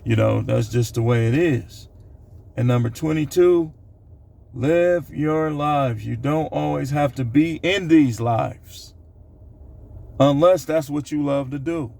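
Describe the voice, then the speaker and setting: A man's voice: fairly high pitch, slow, creaky, warm tone. A man hosting his own channel, talking loosely to the camera as he counts down a numbered list, with plenty of fillers and asides. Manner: loose, rambling delivery with many fillers. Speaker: channel host. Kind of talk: casual vlog monologue counting down a numbered list. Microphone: camera recording himself.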